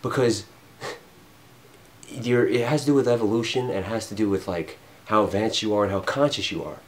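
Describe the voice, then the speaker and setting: Man, fairly low voice, loose spiritual rant, curses a lot, loud bursts then quiet mutters. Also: moderate pace, slight background noise. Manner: rambling, profane, swings between loud emphasis and low mutters. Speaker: vlogger.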